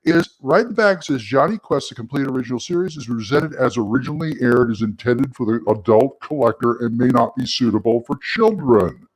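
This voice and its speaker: A man's voice: mid-range voice, expressive, brisk, breathy edge. A man who is a guest on a podcast, talking in a chatty, anecdotal way and trailing off. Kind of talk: casual podcast chat.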